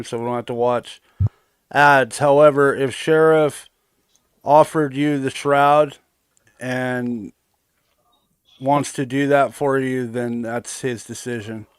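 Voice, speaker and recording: A man's voice: mid-range voice, flat delivery, takes it slowly, smooth, no room sound, studio quality. Swearing joking male stream host. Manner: profane, joking, reads chat aloud. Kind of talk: casual stream chat.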